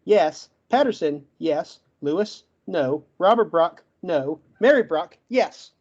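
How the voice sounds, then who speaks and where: A man giving a debate closing argument in a rapid, list-like way, with a stutter that makes him get stuck on words. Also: a little high, lively intonation, darkish tone, breathy edge, lo-fi sound. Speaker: debate participant.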